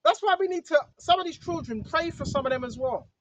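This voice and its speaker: High voice, informal preacher, emphatic, repetitive, rhetorical questions, muffled lo-fi sound. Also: expressive, fairly quick. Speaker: online preacher. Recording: dull lo-fi recording.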